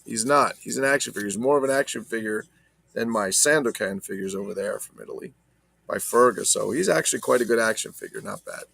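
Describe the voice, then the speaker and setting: A man's voice: lowish voice, fast talker, gravelly, a bit bright, no echo. A man casually chatting about his toy collection, rambling and swearing as he talks to viewers. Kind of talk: casual unboxing chat.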